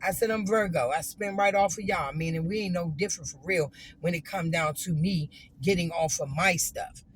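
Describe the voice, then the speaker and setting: A woman's voice: fairly low pitch, moderate pace, hardly any pauses, breathy edge, poor audio. A woman vlogger telling a casual, emphatic story straight to her viewers.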